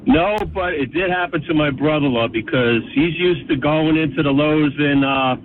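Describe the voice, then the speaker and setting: A man's voice: fairly high pitch, moderate pace. A man calling in to a radio show, telling a story casually with fillers and restarts. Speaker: caller. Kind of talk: casual phone-in chat. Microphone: telephone. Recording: tinny phone line with faint hiss.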